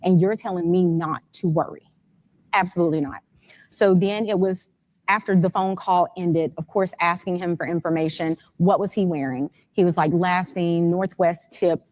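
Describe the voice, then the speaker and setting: Mom telling her story in an interview, lots of detail, gets frantic, lowish voice. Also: steady tone, unhurried, darkish tone. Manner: detailed step-by-step telling, rising to urgent and frantic. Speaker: guest, mother of a missing son. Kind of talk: recounting events in an interview.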